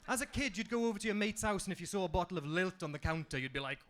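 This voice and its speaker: Young welsh guy doing standup, fairly high voice, dry deadpan punchlines. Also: rapid-fire, hardly any pauses, a little hiss or hum. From Wales. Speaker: stand-up comedian. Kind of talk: stand-up comedy set. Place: comedy club stage.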